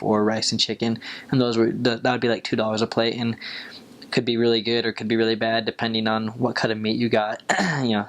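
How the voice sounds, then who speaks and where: A young man, a returned missionary, telling stories in a relaxed, casual way, with lots of fillers, and jumping up in pitch when he quotes people. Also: gravelly. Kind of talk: casual storytelling.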